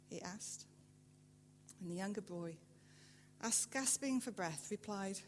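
A woman preacher giving a sermon in a church, telling a story with measured delivery and emphatic rises. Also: medium pitch. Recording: reverberant church hall with faint hum.

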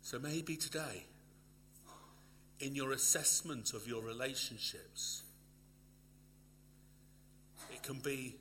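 Forceful preacher dropping to whispers. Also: male voice, medium pitch, slow, pauses often, slight background noise. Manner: dramatic swings from forceful to near-whisper; repeats phrases for emphasis. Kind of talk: sermon.

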